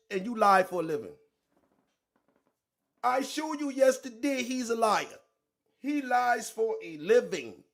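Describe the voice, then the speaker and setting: A man hosts a reaction show, loud and mocking, in heavy street slang. His voice sits high and swings widely, with a gravelly edge to it. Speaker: commentary show host. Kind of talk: profane reaction commentary on a played clip.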